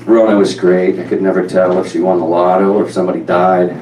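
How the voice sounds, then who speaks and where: A middle-aged man performs stand-up, his pitch jumping all over as he tells a joke. He is heard from a distant mic in a roomy club, with a crowd clearly audible. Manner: animated, jokey, quick asides. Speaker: stand-up comedian. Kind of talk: stand-up set. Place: comedy club stage.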